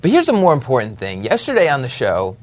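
A man co-hosting a casual finance chat show, bantering and stumbling through quick restarts. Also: mid-range voice, huge pitch swings. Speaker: podcast co-host.

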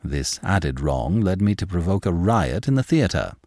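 A man doing a proud, impassioned young gentleman. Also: low-pitched, sing-song, a little slow, no room sound, studio quality, voice pushed down, exaggerated voice. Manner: formal gallantry turning heated and indignant.

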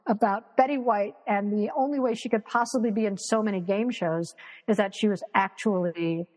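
Speaking at a moderate pace in a mid-range voice, a woman tells stories as a guest on a video call. She acts out people's quoted voices with animation and swears freely in this casual interview. The low-quality recording sounds like it's in a large hall.

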